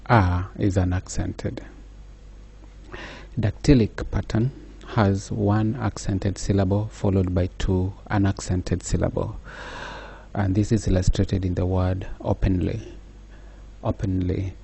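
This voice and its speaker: A man giving a slow, measured lecture, pausing often with fillers. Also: low voice, level tone, creaky, mellow, husky. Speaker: teacher. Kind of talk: recorded lecture.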